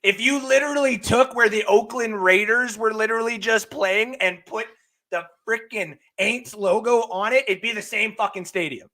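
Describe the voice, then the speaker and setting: A young man hosting a live sports stream, ranting loudly and profanely and often shouting. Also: high-pitched, moderate pace. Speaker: host.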